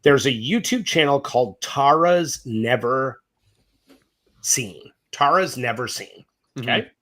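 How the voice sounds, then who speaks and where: A middle-aged man, a film director, telling profane, lively stories in an interview and acting out both sides of conversations. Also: medium pitch, slow pace. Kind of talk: animated storytelling in a casual interview.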